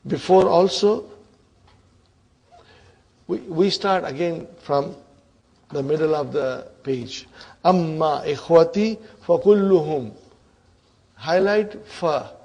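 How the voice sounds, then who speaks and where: A man teaching an Arabic grammar class, quizzing students with repeated questions and clearing his throat often. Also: a little high, a little mellow, rough recording.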